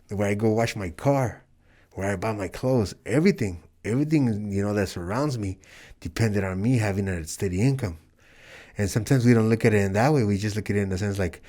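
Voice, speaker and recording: A man in his forties with a lowish voice, from El Paso and Juárez, speaks earnestly as a guest in an interview. He tells stories in a casual way and does the voices of the people in them. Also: a little fast, warm tone. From El Paso, Texas and Juárez, Mexico. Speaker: professional wrestler guest.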